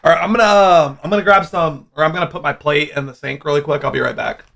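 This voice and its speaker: A man's voice: fairly high pitch, fast talker, vocal fry, fairly bright tone. A man hosting a livestream in casual chat, rambling and often restarting and repeating his words. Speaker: livestream host.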